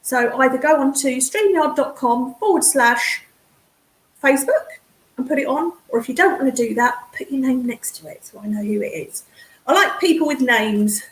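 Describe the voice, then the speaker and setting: A woman with a high, animated voice and an English Midlands accent hosts a chatty livestream at normal speed, her sound echoing around the room. She's excitable and talkative, calling her viewers darling and hun as she chats casually with them through a computer mic on her streaming setup.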